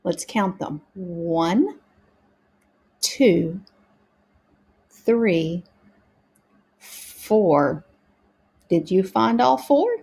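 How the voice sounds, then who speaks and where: A woman teaching a reading lesson to young learners, sounding out words slowly and carefully. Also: lowish voice, lively intonation, gravelly, a little mellow, breathy edge.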